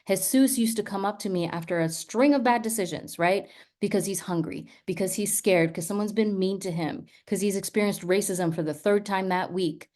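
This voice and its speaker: A woman's voice: mid-range voice, normal speed. A woman who teaches, giving a talk full of stories and often checking in with her listeners. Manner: lively storytelling with frequent "right?" asides. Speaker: teacher and speaker. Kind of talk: storytelling talk.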